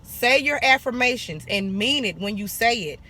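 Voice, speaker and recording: This is a young woman from Arkansas with a bright, forward tone. She talks straight to her viewers in a sassy, blunt way, swearing casually and calling them baby and honey. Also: on the high side, lively intonation, moderate pace. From Arkansas, USA. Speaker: esthetician vlogger. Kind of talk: casual business advice vlog.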